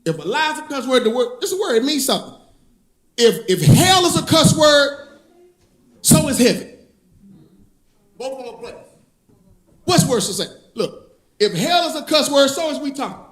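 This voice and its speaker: A man doing a stand-up comedy set, telling stories with an animated delivery, drawling some words and shouting punchlines. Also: very high-pitched, moderate pace, pauses often. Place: comedy club stage. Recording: echoey room with audience laughter.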